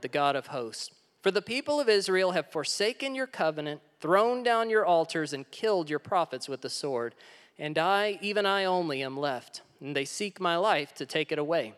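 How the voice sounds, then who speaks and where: A man preaching a sermon as a pastor, retelling a story dramatically with big swings in pitch and loudness. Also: in a large hall.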